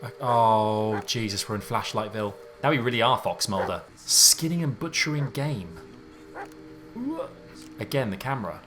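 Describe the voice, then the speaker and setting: A man giving let's play commentary on a game, excitable and jumpy, thinking aloud in casual slang. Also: on the low side, normal speed, faint music behind. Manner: casual slangy talk, says mate and dude. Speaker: gaming YouTuber.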